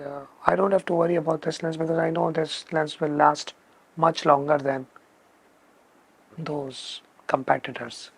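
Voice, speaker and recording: Gravelly, slow-talking man. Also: a little high. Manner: emphatic, repeats words for stress. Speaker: photography channel host. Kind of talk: casual spoken lens review.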